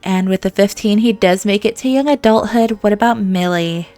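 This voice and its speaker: A woman hosting a let's-play, giving game commentary in an animated way, laughing often and talking to her viewers. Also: medium pitch, moderate pace, soft background music. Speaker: gaming channel host.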